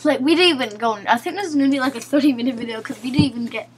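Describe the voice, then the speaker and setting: A woman's voice: high voice, rapid-fire, a little hiss or hum. A young woman commentating her own gameplay, pleading with and scolding her teammates in exasperation. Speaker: gaming video creator.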